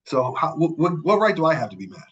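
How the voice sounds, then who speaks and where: A man, a podcast guest, telling a story in a casual, animated and profane way, acting out the people he quotes. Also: on the high side, fast, muffled recording.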